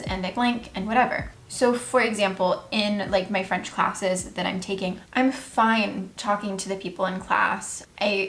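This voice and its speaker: A young woman chatting casually in a vlog, self-deprecating and now and then trying out phrases in a second language. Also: mid-range voice. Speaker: vlogger.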